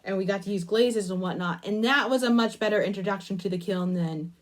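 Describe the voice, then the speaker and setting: Talking fairly quickly with hardly any pauses, a young crafting channel host speaks at medium pitch. She works with clay as she chats, drifting between her project and a lengthy childhood story, with asides about what she's doing.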